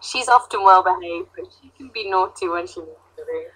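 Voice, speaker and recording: A woman's voice: lowish voice, a little fast, a bit bright, rough recording. A woman playing her character at a tabletop game, speaking politely and with genteel courtesy. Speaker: player.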